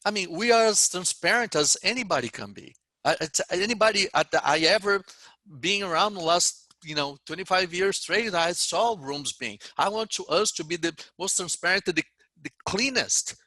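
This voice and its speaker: A man's voice: sits high, lively intonation, normal speed, bright, forceful tone, no echo. A middle-aged man with a foreign accent gives a blunt, rambling motivational talk to his trading group, often restarting his sentences. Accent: foreign-accented English. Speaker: head day trader.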